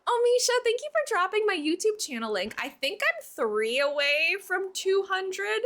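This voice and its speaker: A young woman with a high, bright voice chats casually on a live stream from her room at home. Her pitch swings widely, and she is giggly with hiccups, slipping into baby talk for her cat. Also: big pitch swings, normal speed.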